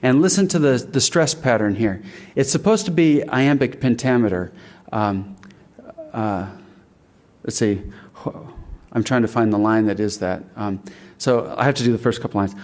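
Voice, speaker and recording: A man delivers a public talk on literary tradition in a middle-pitched voice. He speaks thoughtfully, stopping and restarting as he works out his ideas, and breaks into old verse recited aloud. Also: darkish tone. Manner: thoughtful, halting with fillers and restarts. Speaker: author giving a talk. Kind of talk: public lecture.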